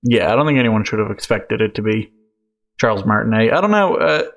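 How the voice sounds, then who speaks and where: A man with a somewhat low voice, chatting easily with friends. He agrees readily and laughs often. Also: lively intonation, a little fast, lo-fi sound. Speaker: podcast co-host. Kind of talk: casual chat.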